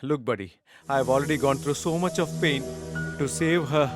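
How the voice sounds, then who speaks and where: A man's voice: medium pitch, normal speed, over loud music, natural voice. An actor in a dubbed film playing a distressed husband who pleads with his wife. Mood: despairing.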